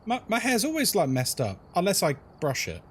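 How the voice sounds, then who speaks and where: A man's voice: high-pitched, fairly quick. Guy streaming horror games, chatty and jokey, voice jumps all over, faint noise behind. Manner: chatty, animated, jokey, talks to chat as folks. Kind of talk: casual live-stream chat.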